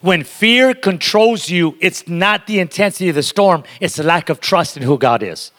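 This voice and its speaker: A man preaches as a guest in a church sanctuary, speaking emphatically and directly to the congregation. His voice is high, expressive, and a bit bright at a moderate pace, with the long reverb of a large hall.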